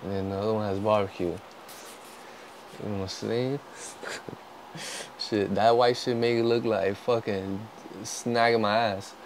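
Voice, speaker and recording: A young man, a vlogger, in casual food-tasting chat, swearing constantly, joking and breaking into loud outbursts. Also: on the low side, steady tone, unhurried, pauses often, slight background noise, rough recording.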